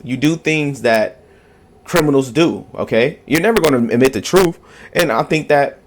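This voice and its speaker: A man giving a casual reaction commentary, emphatic and repetitive, often tagging his points with "okay?". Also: mid-range voice.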